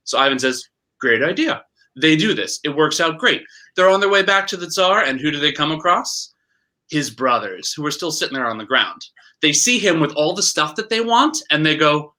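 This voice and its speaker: A man casually retelling a fairy tale in a brisk, chatty way. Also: a little high, expressive, bright, forceful tone. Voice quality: brisk, chatty, laughs often. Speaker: storyteller.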